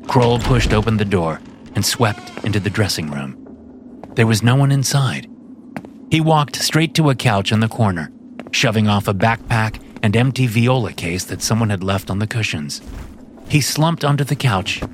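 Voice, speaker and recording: A man giving scripted audiobook narration in a measured storytelling manner. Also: lowish voice, lively intonation, slight background noise. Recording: narration with music bed. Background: music.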